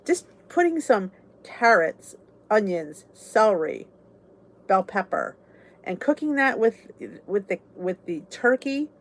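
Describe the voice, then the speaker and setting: Casting: middle-aged woman vlog host, chatty and candid, animated pitch swings. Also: takes it slowly. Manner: chatty and candid, laughs often, oversharing. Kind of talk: casual chat with viewers.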